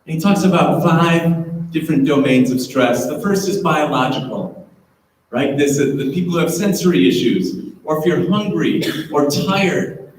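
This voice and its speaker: A male presenter giving a relaxed, conversational talk to a room of parents. He keeps checking in with the audience with an easy "right?". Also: fairly high pitch, moderate pace. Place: school auditorium. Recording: echoey hall, voice from far off, faint hum.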